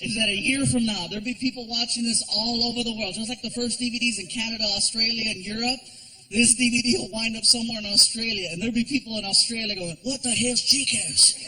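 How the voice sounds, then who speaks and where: A man doing an animated stand-up comedy routine on a theater stage, telling stories with lots of voices. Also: extremely high pitch, fast, rough recording. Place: large theater.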